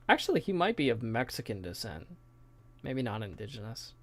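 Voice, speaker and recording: A chatty, excitable streamer commenting casually while playing a story game. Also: mid-range voice, a little fast, background noise. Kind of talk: casual let's-play commentary. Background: game music.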